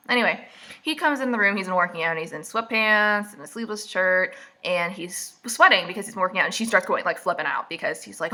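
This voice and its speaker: A woman talking straight into her desk mic with a bright, sharp-edged voice. She rambles through a book recap and keeps breaking off for snarky, mocking jabs. Her delivery is loose and chatty, with lots of fillers. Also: fairly low pitch. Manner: casual and rambling, with many fillers. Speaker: vlogger.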